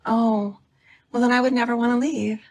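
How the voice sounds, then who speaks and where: A woman's voice: on the high side, flat delivery, moderate pace, a little mellow. A woman, a reality show cast member, talking candidly and emphatically in an interview clip, at times dropping to a near whisper.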